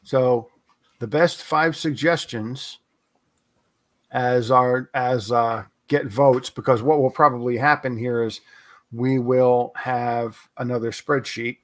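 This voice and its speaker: Relaxed man hosting a livestream. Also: mid-range voice, takes it slowly. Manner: relaxed, jokey, reads chat aloud. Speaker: host. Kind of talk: casual livestream chat. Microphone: video call.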